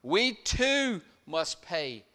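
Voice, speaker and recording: A man preaching a sermon, retelling a story with dramatic rises and drops in loudness. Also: sits high, big pitch swings, extremely slow.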